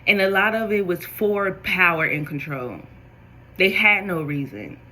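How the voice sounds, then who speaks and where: A woman gives a spiritual tarot reading, speaking directly to her viewers. Her voice is bright and forceful, and her delivery is animated. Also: fairly low pitch, measured pace, poor audio. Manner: animated, talks straight to viewers. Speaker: tarot reader.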